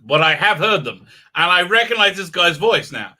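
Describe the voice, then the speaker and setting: A man's voice: sits high, sing-song, normal speed, sharp tone. A middle-aged man hosting a livestream, rambling in a comic monologue with frequent giggles and fillers. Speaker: livestream host.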